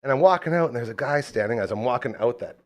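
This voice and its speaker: A podcast host spins stories in a casual chat, speaking fast in a medium-pitched voice. He's an animated storyteller who acts out the things people said.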